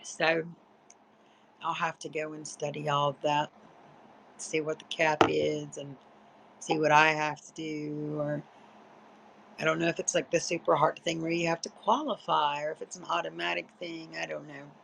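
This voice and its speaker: Tired, chatty woman with a gravelly edge, loose profane late-night stream talk. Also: low voice, little pitch movement, moderate pace, fairly bright tone, a little hiss or hum, low-quality recording. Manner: chatty, rambling, salty and profane. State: sleepy, yawning. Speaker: livestreamer. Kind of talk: casual late-night livestream chat.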